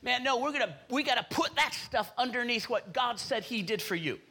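In a church sermon, a male pastor preaches in a high, bright, forceful voice, hammering his points home and repeatedly calling on the congregation to respond. He sounds animated and a little fast, with a breathy edge.

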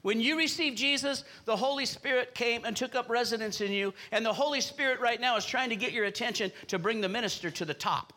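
High, bright-voiced preaching pastor. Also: male voice, a little fast, few pauses. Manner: emphatic preaching with audience call-and-response. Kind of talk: sermon. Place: church.

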